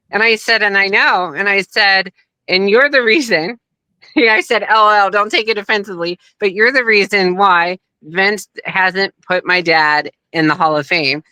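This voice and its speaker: Bright, smooth-voiced woman telling a story. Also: on the low side, dry recording, rough recording. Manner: animated, acts out quoted voices. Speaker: guest, wrestler's daughter. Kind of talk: casual storytelling.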